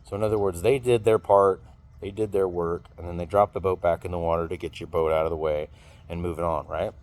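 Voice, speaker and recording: Man, low voice, casual venting monologue, rambly, swears freely. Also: steady tone, a little fast, darkish tone. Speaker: vlogger venting.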